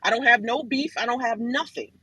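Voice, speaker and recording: Woman, room host, emphatic storyteller; husky edge, bright tone. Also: fairly high pitch, a little fast, dry recording, low-quality recording. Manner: animated, emphatic, often addresses listeners as y'all. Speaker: room host telling her side of a dispute. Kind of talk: casual storytelling on a live audio chat room. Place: online audio room.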